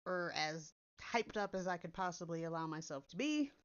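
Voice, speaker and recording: A woman's voice: fairly low pitch, lively intonation, normal speed, smooth. A woman content creator in casual chat, blunt and direct, swearing casually. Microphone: built-in computer mic instead of her usual microphone. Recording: dull lo-fi sound from a computer's built-in mic.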